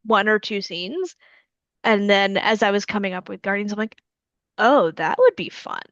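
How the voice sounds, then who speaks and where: An American woman hosts a relaxed interview as an author, asking friendly questions and giving short nods of agreement. Her voice is mid-pitched. The audio is dry and a little muffled, like a video call. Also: moderate pace, dry recording. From United States. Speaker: author and host. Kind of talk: casual interview chat.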